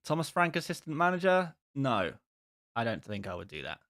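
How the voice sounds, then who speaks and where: A man's voice: medium pitch, sing-song, moderate pace, a bit bright, no room sound, studio quality. A man hosting a live stream who chats casually with his viewers in a rambling, exasperated and self-mocking way.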